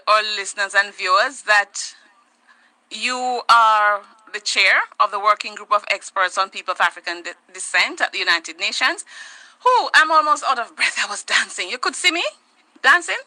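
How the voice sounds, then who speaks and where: A woman hosting a talk show, chatting lively and laughing now and then. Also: mid-range voice, moderate pace, no echo, poor audio. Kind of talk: casual interview chat.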